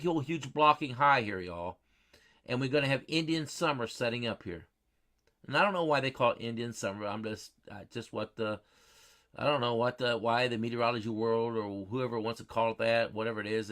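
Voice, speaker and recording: A man's voice: medium pitch, fairly bright tone. A man hosting a live weather stream, chatting with viewers in a folksy, repetitive way and quizzing his chat. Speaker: weather livestream host.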